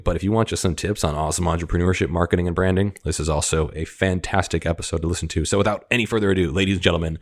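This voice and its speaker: A man hosting a podcast, introducing his guest with energetic, hype-building enthusiasm. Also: sits low. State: out of breath. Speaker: podcast host. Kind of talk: podcast interview.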